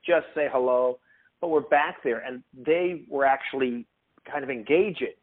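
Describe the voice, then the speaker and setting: A man from Newfoundland telling a lively story in casual chat, acting out the lines of the people in it. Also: medium pitch, normal speed. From Newfoundland, Canada. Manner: animated anecdote teller who acts out quotes. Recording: phone-like narrow audio.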